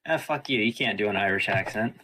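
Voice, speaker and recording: A man's voice: fairly low pitch, quick pace, over a noisy crowd. A man playing in a tabletop game, chatting casually and joking. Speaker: player.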